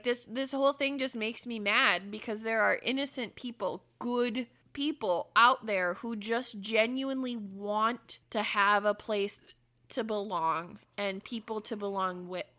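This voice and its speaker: A woman's voice: on the high side, measured pace, bright, forceful tone. A woman co-hosting a casual podcast, talking heatedly and swearing freely while she keeps hiccuping. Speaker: podcast co-host.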